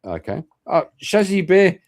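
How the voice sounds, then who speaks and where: A man with an Irish accent hosting an online interview show, chatting casually, animated and swearing freely. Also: high-pitched, a little slow, no echo, clean studio sound. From Ireland. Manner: animated, swears a lot, laughs often. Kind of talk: casual livestream chat.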